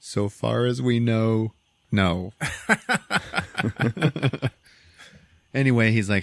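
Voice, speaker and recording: A man's voice: mid-range voice, drawn-out words, creaky, long pauses, no echo. A man hosting a podcast, retelling a movie's plot in a casual, profane way and laughing often. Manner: animated, profane storytelling with frequent laughs. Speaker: podcast host.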